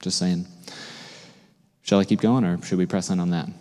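A man preaching a sermon as a pastor, in a conversational, animated way, often asking his listeners questions. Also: low voice, moderate pace, big-room sound. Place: church sanctuary.

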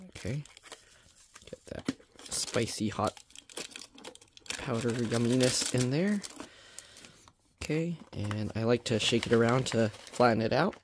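A man casually reviewing a food product on his vlog, reading the label aloud in a plain, even way with chatty asides. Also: lowish voice, noisy background.

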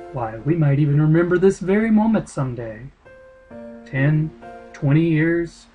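A man reading the lines of a gentle, wistful young village girl in a video game, soft and earnest. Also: a little high, close to an everyday voice, rough recording.

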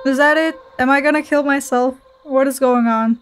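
A woman's voice: sits high, fairly even intonation, normal speed. A woman giving casual let's-play commentary, swearing and venting in an exasperated, mock-dramatic way. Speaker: gameplay streamer.

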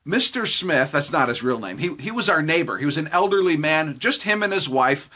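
A man's voice: fairly high pitch, expressive, brisk, sharp tone, breathy edge. A man speaking live, giving a chatty devotional talk with jokes and chuckles as he tells a story from his youth. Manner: jokey, chuckling, conversational.

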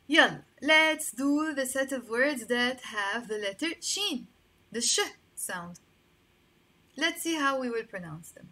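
A woman with a Lebanese accent teaching Arabic vocabulary, modeling words slowly and repeating them, then explaining them in English, recorded without a microphone. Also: a little high, animated, bright, forceful tone. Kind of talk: language lesson. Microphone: no microphone, built-in mic.

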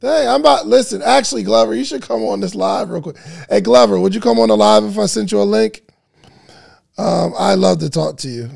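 Man, podcast host, live-stream chat, gravelly voice, animated delivery. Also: fairly high pitch. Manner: animated, drawn-out questions, reacts to chat.

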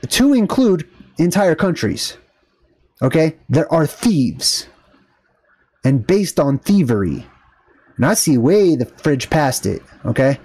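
A man's voice: a little high, darkish tone. A man vlogging, telling a story in an indignant, rambling rant full of fillers and asides. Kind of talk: casual ranting storytelling.

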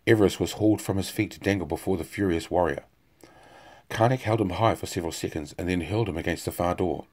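Casting: male audiobook narrator, deep voice, steady delivery. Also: fast talker. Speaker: audiobook reader. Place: home.

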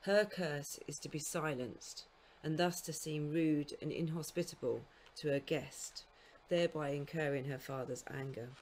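A woman giving a recorded literature lecture to school students, explaining in a measured way and now and then correcting herself mid-phrase. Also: low voice, a little mellow, slight background noise. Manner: speaks scansion aloud in sing-song beats. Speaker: university lecturer.

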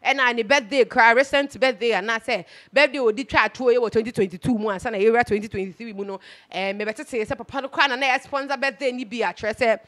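A Ghanaian woman talking through celebrity gossip in a casual, emphatic way, sliding between Twi and English. Her voice sits a little high. She keeps an easy, chatty flow as the host. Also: fast, fairly bright tone.

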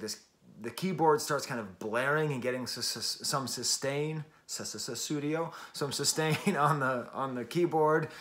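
A man's voice: mid-range voice, fairly bright tone. A man hosting a casual music review, talking enthusiastically and chattily with self-deprecating asides.

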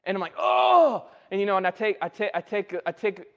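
A man's voice: sits high, little pitch movement, rapid-fire, a bit bright, dull audio. A male pastor giving a sermon in a church, talking conversationally and often checking in with "right?". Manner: conversational, keeps asking "right?". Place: church sanctuary.

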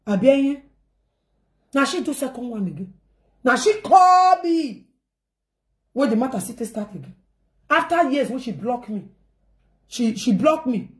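A woman's voice: fairly high pitch, a little mellow. A woman with a Nigerian accent talking casually to her viewers in a rambling, repetitive way, mixing in pidgin phrases.

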